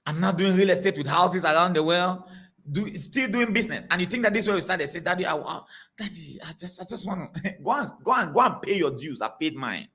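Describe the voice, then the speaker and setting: Guy preaching, bright voice, keeps repeating himself, all over the place pitch-wise. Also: brisk. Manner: animated, repetitive, storytelling. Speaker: pastor. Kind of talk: preaching to a congregation.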